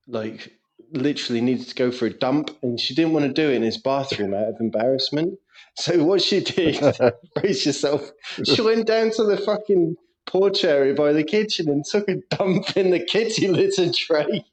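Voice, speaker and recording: Giggly, sweary podcast host. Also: male voice, a little high, normal speed. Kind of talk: casual chat.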